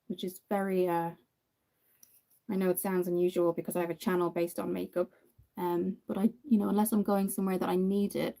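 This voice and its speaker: She's an Irish woman with a medium-pitched, warm voice edged with vocal fry. While applying her makeup on a livestream, she chats casually with viewers, answering comments and using a lot of fillers.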